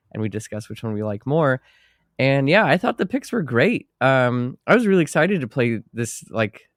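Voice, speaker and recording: A man's voice: medium pitch, no echo, studio quality. A man co-hosting a podcast, nasal from a cold, upbeat and chatty. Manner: upbeat, chatty, laughs easily. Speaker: podcast co-host. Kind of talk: casual podcast chat.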